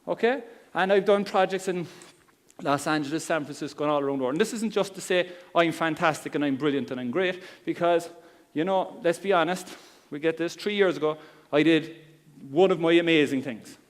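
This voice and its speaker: A man's voice: on the high side, fairly quick. A middle-aged man with a Cork Irish accent giving a chatty, joking seminar talk. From Ireland. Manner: chatty, joking, blunt slang. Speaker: seminar speaker. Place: seminar hall. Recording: long hall reverb.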